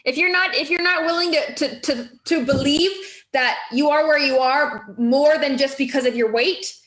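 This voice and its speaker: Female coach, high voice, encouraging, roomy echo. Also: moderate pace, a bit bright. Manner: encouraging, direct questions to the group. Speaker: weight-loss coach. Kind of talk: motivational group talk.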